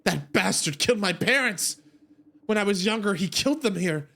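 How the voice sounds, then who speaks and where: A man voicing an angry, betrayed young woman in a video game, shouting in outrage. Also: high voice, animated, normal speed, creaky, voice pushed up, exaggerated voice. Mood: furious.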